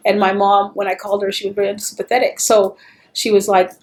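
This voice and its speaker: Middle-aged woman in an oral history interview, lively storyteller, does the voices. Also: mid-range voice, fast. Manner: animated storyteller acting out quoted voices.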